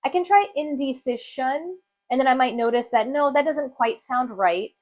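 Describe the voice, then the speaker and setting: A woman teaching reading in an instructional video lesson, slowly and deliberately sounding out the syllables of long words. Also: high voice, animated.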